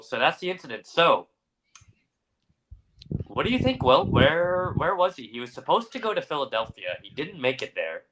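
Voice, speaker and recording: Speaking in a bright, forceful tone that sits on the low side, a young adult male podcast co-host dramatically reads a story before slipping into relaxed conversation peppered with fillers.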